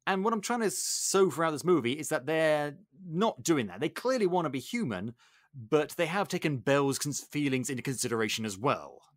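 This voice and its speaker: Animated male podcast host. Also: a little high, fairly quick, no echo, studio quality. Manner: animated, acts out characters. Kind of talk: casual chat, retelling a film plot.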